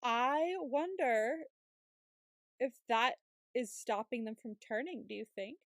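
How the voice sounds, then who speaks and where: A woman's voice: on the high side, lively intonation, takes it slowly, no room sound, studio quality. A woman co-hosting a podcast, chatting casually and animatedly about a series, swearing freely and acting out the characters. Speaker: podcast co-host. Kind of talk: casual recap chat.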